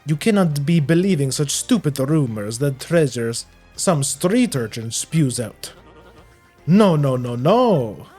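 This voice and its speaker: A man's voice: a little high, very animated, takes it slowly, a little mellow, husky, faint music behind, exaggerated voice. A man voicing a vain, flamboyant male merchant with a put-on Spanish accent, reading a game's dialogue aloud. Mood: grandiose. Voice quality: flamboyant, grandiose, dramatic.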